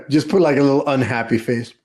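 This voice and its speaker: A man's voice: medium pitch, moderate pace, darkish tone, husky. A man co-hosting a podcast in casual chat, laughing often and restarting his sentences. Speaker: podcast co-host.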